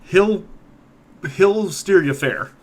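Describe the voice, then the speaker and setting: A man's voice: sits high, lively intonation, drawn-out words, pitched above the performer's own voice, exaggerated voice. A man doing a friendly reformed thief.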